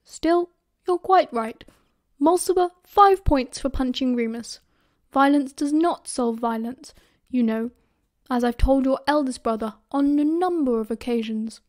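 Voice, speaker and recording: A woman with a British accent voicing a pompous elderly male professor with slow, measured speech. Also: high-pitched, a little mellow. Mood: reproving.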